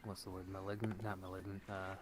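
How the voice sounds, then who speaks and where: A man in a laid-back podcast chat who often pauses to search for words. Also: deep voice, level tone, background noise. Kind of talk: casual chat.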